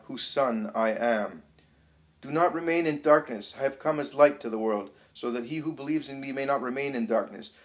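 A man's voice: medium pitch, lightly acted, poor audio. A man voicing a solemn, commanding male preacher, declaiming in a storybook reading.

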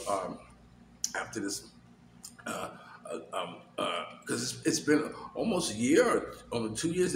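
A middle-aged man tells a personal story in a loose, rambling way, restarting phrases and leaning on fillers. His voice sits at an ordinary pitch in an echoey room with a faint hiss. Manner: rambling, repeats words, many fillers. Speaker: vlogger. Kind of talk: casual personal vlog.

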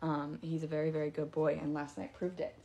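A woman casually telling a spooky story in a clip, with hushed delivery and drawn-out pauses for suspense. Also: sits low, level tone, gravelly, breathy edge, dull audio. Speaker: storyteller in a social video clip.

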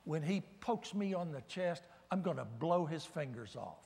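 A man's voice: on the high side, animated, normal speed, vocal fry, darkish tone, big-room sound. A preacher voicing an aggrieved man with dynamite. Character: hotheaded man strapping dynamite for revenge.

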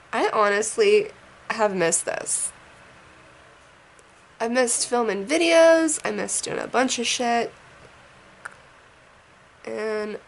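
A young woman talks her way through a makeup routine at home in a loose, rambling way, swearing now and then. Her voice sits a little high but is rough and hoarse from a sinus infection. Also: slight background noise. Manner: rambling, chatty, casual swearing. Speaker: beauty vlogger. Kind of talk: casual makeup tutorial chat. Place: bedroom at home.

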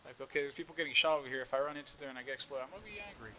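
A young man with a slight lisp giving casual, joking live commentary over his own shooter gameplay, swearing often and yelling at other players. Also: mid-range voice, steady tone, rapid-fire. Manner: joking, swears often, yells at opponents and teammates.

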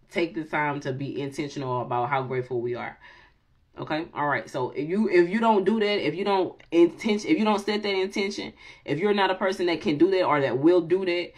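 A woman's voice: sits low, a little mellow. A woman in her late thirties hosts a tarot video in casual, freewheeling talk, swearing, joking and laughing often as she mixes prayer with banter. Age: late 30s. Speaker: tarot reader and channel host.

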